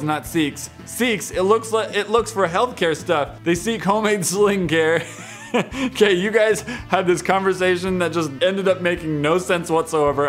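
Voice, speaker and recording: A young man hosting a comedy video, playfully reading text messages aloud and joking about them. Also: a little high. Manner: playful, jokey, often laughing.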